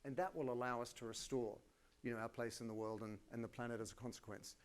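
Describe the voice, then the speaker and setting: A middle-aged Australian man giving a live conference keynote, energetic and colloquial, with self-deprecating asides. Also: mid-range voice, fast talker. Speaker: keynote speaker.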